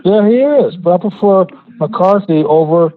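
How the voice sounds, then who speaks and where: A man's voice: high voice, lively intonation, measured pace, a crowd in the background. A man in his fifties, a regular caller to a radio show, taunting and arguing, on a phone line. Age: 50s. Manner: taunting, laughing, argumentative. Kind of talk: heated call-in radio argument.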